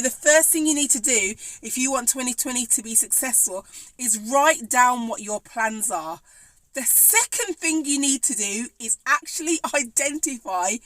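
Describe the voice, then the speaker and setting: A woman with a Birmingham accent, a cake maker coaching viewers in an energetic, chatty live stream. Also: high-pitched, dry recording, low-quality recording. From Birmingham, England. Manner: energetic and chatty, laughs often.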